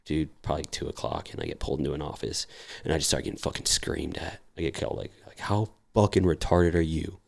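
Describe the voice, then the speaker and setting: A man's voice: a bass voice, very animated, fast, vocal fry, breathy edge. A young man in his twenties telling casual, profane stories and acting out the voices of the people in them. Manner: profane, acts out quoted voices animatedly. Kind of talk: casual storytelling.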